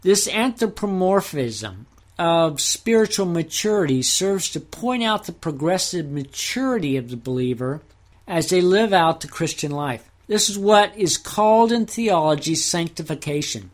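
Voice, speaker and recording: A man with a slightly higher voice teaches Bible Greek at an unhurried pace. He reads verses and grammar terms slowly and deliberately, in the manner of a scripted teaching podcast. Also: lively intonation.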